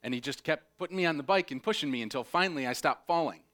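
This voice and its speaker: Middle-aged guy preaching, storytelling sermon, kinda high voice, acts out the shrieky kid bits. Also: fast, fairly bright tone. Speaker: pastor.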